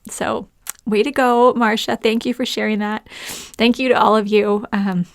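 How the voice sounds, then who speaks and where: A woman's voice: a little high, fairly even intonation, normal speed, no room sound. Female podcast host, cheerful and chatty, laughs easily, dry close mic. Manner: enthusiastic, laughs often, reads listener testimonials aloud. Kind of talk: casual solo podcast talk.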